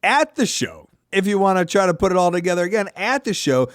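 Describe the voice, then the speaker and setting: A man, hosting a podcast in a rambling, self-deprecating monologue with animated asides. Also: high-pitched, fairly quick, dry recording, studio quality. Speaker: podcast host. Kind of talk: casual monologue.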